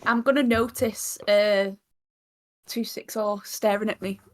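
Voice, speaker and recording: A woman's voice: mid-range voice, steady tone, a little slow. A woman taking part as a player in a tabletop role-play game, speaking hesitantly with many ums and restarts.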